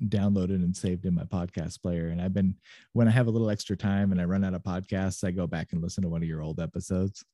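A man guesting on a podcast, easygoing and quick to laugh in casual chat. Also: low-pitched, steady tone, dark tone, dry recording, clean studio sound.

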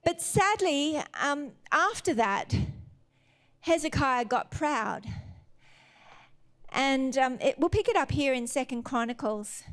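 A woman's voice: high-pitched, expressive, slow pace, fairly bright tone. A woman preaching a sermon, retelling scripture with earnest, exhorting emphasis.

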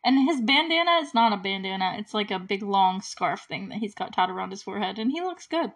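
A woman casually recapping a movie, chatty and full of "like", with small laughs and frequent throat clearing. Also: mid-range voice, animated, a little fast, a bit bright. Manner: often clears her throat.

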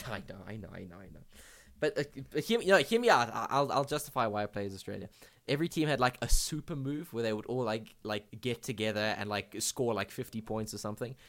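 A young man co-hosting a gaming podcast, chatting casually in an excitable, rambling way with lots of fillers and restarts. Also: fairly low pitch, fast talker. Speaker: podcast co-host. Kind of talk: casual chat.

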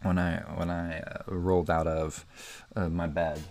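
A man hosting a podcast in casual chat from his bedroom, often mumbling and trailing off softly. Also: low voice, little pitch movement, measured pace. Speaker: podcast host. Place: bedroom at home.

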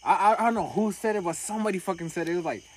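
A young man steering a casual chat with friends outdoors at night, quick and slangy. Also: sits high, over a noisy crowd. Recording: other voices chattering behind.

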